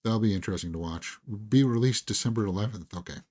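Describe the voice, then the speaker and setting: A man who is losing his voice hosts a casual live stream on his movie talk channel. He talks fast in a darkish voice on the low side, rambling with lots of fillers and chuckles.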